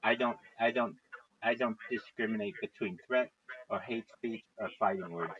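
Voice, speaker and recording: A man's voice: fairly low pitch, normal speed. A man telling a rambling story on a casual livestream, swearing often and acting out what others said. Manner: rambling, swearing, quotes others in lively voices. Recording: dull lo-fi stream audio.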